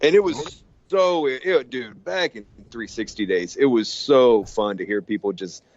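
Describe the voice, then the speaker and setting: A man in casual podcast chat, excitable and stumbling over his words when eager. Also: mid-range voice, a little slow. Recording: dull lo-fi podcast audio.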